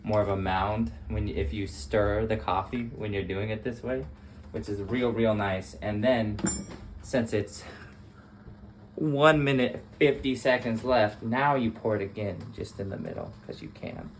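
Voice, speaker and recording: A man's voice: lowish voice, measured pace, a little hiss or hum. A man vlogging at home as he brews coffee, talking in a rambling, self-mocking, joking way. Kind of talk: casual how-to chat while brewing coffee.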